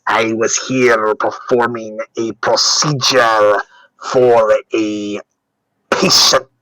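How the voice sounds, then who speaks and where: A man voicing a haughty male doctor who speaks slowly and stiffly. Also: fairly low pitch, level tone, pushed and bright, no echo, full character voice, low-quality recording. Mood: indignant.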